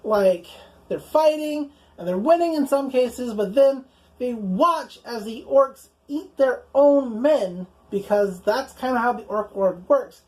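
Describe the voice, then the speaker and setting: A young woman recaps anime episodes in a loose, conversational way. Her voice sits a little higher than most, and she keeps things casual with plenty of "like" and easy profanity. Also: expressive, slow pace, a little mellow, rough recording. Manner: chatty, fills speech with "like", swears casually, acts out quoted lines in passing. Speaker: anime reviewer.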